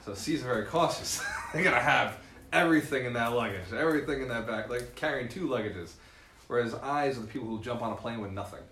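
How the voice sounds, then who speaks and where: A man teaching a live seminar to a room, talking at an ordinary middle pitch. He keeps it lively and chuckles often, checking in with the audience as he goes. The sound is roomy and echoey, with faint ambience underneath. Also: quick pace, slight background noise. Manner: lively, laughing, often tags with "right?". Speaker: real estate mentor.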